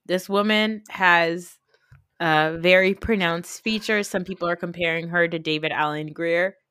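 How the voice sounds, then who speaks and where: A woman with a bright, forceful voice chats through a reality TV recap, slipping into quick impressions of the cast as she goes. The sound is dry and close, with almost no room around her. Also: lowish voice, clear, resonant tone, no room sound. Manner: animated, acts out quotes from the show. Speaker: podcast co-host. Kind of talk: casual reality TV recap chat.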